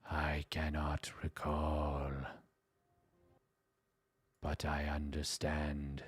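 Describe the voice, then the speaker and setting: A man putting on the voice of a solemn older German man, speaking in a breathy half-whisper with slow, grave musings. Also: very deep voice, monotone, dry recording, pitched below the performer's own voice, heavily acted. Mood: brooding.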